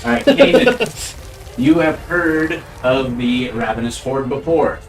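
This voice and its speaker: A man narrating as game master of a tabletop game, unhurried and filling pauses with "uh". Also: mid-range voice. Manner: unhurried narration with frequent uh fillers. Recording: distant mic with faint background music.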